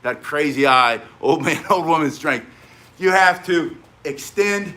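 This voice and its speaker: Man, high voice, blunt, emphatic, storytelling self-defense teacher. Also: lively intonation, unhurried, bright, forceful tone. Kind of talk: casual spoken teaching with stories.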